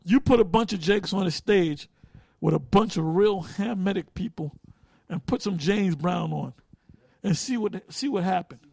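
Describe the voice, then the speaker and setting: High-voiced man preaching bluntly. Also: normal speed, vocal fry, a little mellow, husky, no echo. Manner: blunt, profane street talk with frequent "man"; loses words and restarts while thinking aloud. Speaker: teacher leading a group study. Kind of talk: casual preaching talk.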